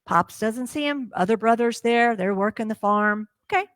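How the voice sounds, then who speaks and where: A woman minister preaching a sermon, telling a parable in a lively way and acting out its characters' lines. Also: a little high, moderate pace, dry recording. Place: church sanctuary.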